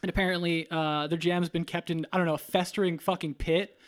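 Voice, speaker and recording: A man's voice: on the high side, steady tone, brisk. A man hosting a podcast in casual chat, upbeat and laughing as he tells stories. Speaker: podcast host.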